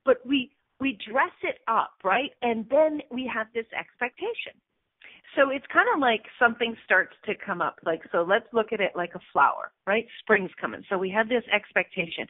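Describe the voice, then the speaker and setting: A woman hosting a coaching radio show in a casual, lively way, laughing often and acting out little voices. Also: fairly high pitch, normal speed, narrow, tinny audio.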